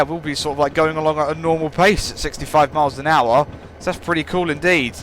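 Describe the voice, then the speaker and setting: Casual lad chatting over a game, goofy and self-mocking, voice a bit high. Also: male voice, a bit bright, slight background noise. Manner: rambling, playful, self-mocking. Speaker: gaming channel host. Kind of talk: gameplay commentary.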